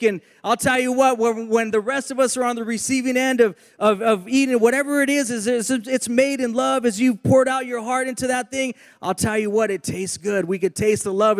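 A man's voice: extremely high pitch, fairly even intonation, moderate pace, hardly any pauses, long reverb tail. A man preaching a sermon and leading a prayer, earnest, with repeated phrases.

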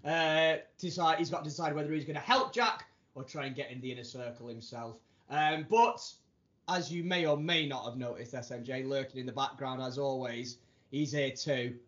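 A man's voice: medium pitch, moderate pace, fairly bright tone. A man hosting a comedy podcast, giggly and teasing as he runs the segment. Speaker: podcast host. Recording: slightly dull lo-fi sound.

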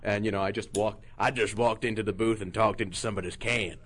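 A man speaking as a voice actor on a convention panel, joking, with halting restarts now and then. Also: fairly low pitch, steady tone, a bit bright. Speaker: voice actor guest.

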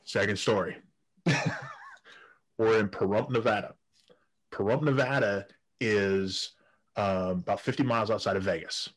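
A man with a somewhat low voice tells crude stories in casual podcast talk. He laughs often as he goes. He trips over his words and restarts his sentences. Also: measured pace, long pauses. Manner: laughs often while telling crude anecdotes, many restarts. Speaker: guest storyteller.

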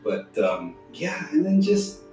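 A man's voice: on the high side, slow pace, roomy sound, soft background music, poor audio. A man who is a voice actor, chatting casually as a podcast guest and slipping into character voices. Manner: animated, slips into character voices.

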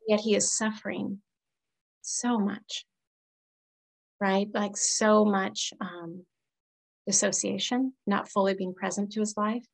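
This therapist guest has a medium pitch and vocal fry, taking her time and pausing often. In a casual conversation she reflects earnestly and voices her clients' quotes with liveliness. The recording is rough.

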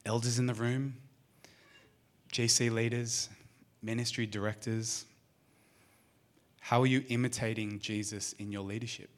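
Aussie pastor guy preaching, lively, asks the crowd stuff directly. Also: mid-range voice, a little slow, long pauses. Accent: Australian. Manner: animated, speaks straight to the congregation with questions. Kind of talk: sermon. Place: church service.

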